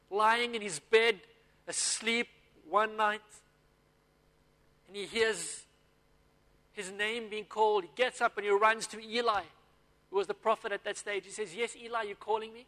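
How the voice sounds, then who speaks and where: Bright high-voiced preacher. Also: male voice. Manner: storytelling with acted-out dialogue. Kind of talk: sermon. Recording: long hall reverb.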